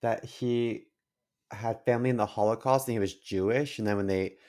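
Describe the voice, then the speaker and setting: A man's voice: fairly low pitch, moderate pace, darkish tone. A man who is a comedian co-hosting a podcast, chatting casually and rambling with many fillers. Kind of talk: casual chat.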